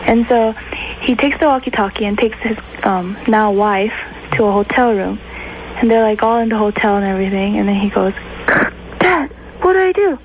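A woman's voice: medium pitch, steady tone, a little fast, a little hiss or hum. A woman calling in to a radio show, talking hesitantly and giggly with lots of fillers. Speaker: caller. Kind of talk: phone-in chat and joke telling. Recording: dull phone-line call.

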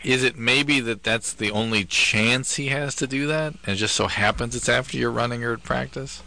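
A low, gravelly man with a bright edge co-hosts a call-in show. He asks probing questions and drops wry asides, over a faint hum. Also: normal speed. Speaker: radio show co-host. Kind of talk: call-in advice banter.

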